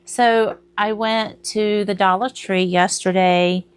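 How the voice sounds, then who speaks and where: A woman's voice: mid-range voice, steady tone, slow pace, clear, resonant tone. A middle-aged woman, chatting casually to camera at home, rambling and laughing at herself. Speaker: crochet vlogger.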